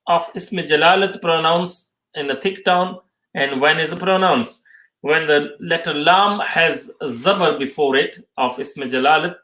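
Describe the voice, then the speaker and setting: A man teaching a live tajweed lesson, reading out questions and explaining the answers haltingly, often restating each term twice. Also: fairly high pitch, pushed and bright. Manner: halting, many fillers, restates terms twice. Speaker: Quran recitation teacher. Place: mosque or Islamic centre room. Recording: roomy echo.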